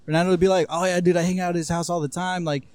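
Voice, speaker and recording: A young man casually telling profane, laughing high school stories on a podcast and acting out what people said. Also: little pitch movement, very fast, darkish tone, clear, resonant tone. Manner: profane, laughing storyteller who acts out quotes. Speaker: podcast co-host. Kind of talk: casual storytelling chat.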